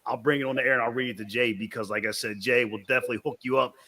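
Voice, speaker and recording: A man of middle pitch hosts a casual wrestling talk show. He hypes up his guest with real enthusiasm and often stumbles over repeated words as he gets going. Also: fairly even intonation, racing, pushed and bright. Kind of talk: casual interview chat.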